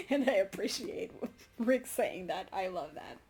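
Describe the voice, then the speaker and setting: A woman's voice: mid-range voice, a little mellow. A young woman vlogging a casual book review, gushing and laughing often, with many fillers. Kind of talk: casual book review with read-aloud passages.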